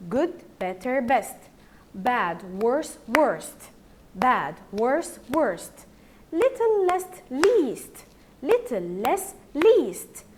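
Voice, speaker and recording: Egyptian woman, primary English teacher; slow, drilling delivery, lively rising and falling pitch. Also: noisy background. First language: Arabic. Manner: slow, repeats words for drilling. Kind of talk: recorded grammar lesson.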